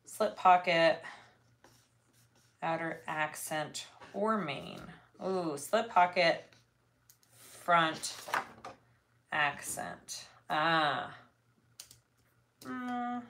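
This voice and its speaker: A woman's voice: sits low, lively intonation, drawn-out words, vocal fry, pauses often, fairly bright tone. A woman hosting a casual livestream, muttering checklists to herself as she works, with chatty asides to viewers. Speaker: livestream host, bag maker. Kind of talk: casual livestream chat while cutting fabric. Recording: noticeable background noise.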